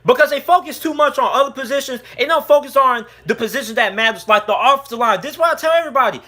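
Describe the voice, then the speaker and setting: A man's voice: very high-pitched, fast, sharp tone. A man giving a heated, angry rant about football on his sports channel, repeating his points. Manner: angry, heated, repetitive ranting. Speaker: sports YouTuber. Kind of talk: ranting sports commentary.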